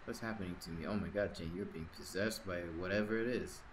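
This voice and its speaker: A man's voice: low voice, quick pace, noisy background. A man commentating a horror game, jumpy and nervous, rambling jokes to his viewers, his throat sore from screaming. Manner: jumpy, nervous, shrieks and gasps when scared; rambling, jokey self-talk to viewers. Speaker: game streamer.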